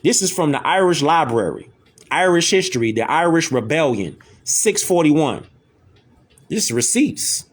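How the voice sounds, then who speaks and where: A man's voice: fairly high pitch, very animated, unhurried. A man hosting, giving emphatic commentary over images and clips, repeating himself to drive points home. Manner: insistent, repetitive, keeps asking "see that?".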